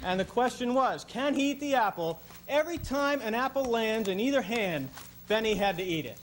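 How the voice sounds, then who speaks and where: A man's voice: very high voice, animated, normal speed, slight background noise. A man performing as a guest comedian on stage, telling a long rambling joke while juggling, stopping to correct himself. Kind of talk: stand-up storytelling with juggling. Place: stage before a live audience.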